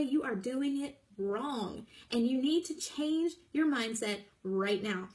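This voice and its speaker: A young woman with a high, bright voice coaches her audience in a lively, bubbly way. She is blunt and emphatic, pushing points home as a motivational trainer talking to camera. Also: poor audio. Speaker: direct sales trainer.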